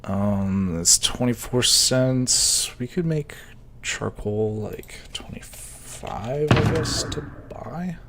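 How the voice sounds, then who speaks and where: A Minecraft server admin thinks aloud indoors at his computer, working out prices and muttering numbers between hiccups in casual working commentary. His medium-pitched voice is animated but very slow, with background noise behind it.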